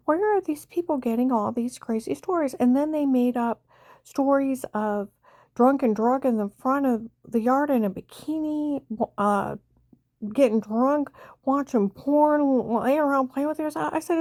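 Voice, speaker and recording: A woman's voice: sits high, a little mellow, dry recording. An older woman rambling through a personal story, retelling old conversations with many repeats of "I said". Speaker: vlogger telling a personal story.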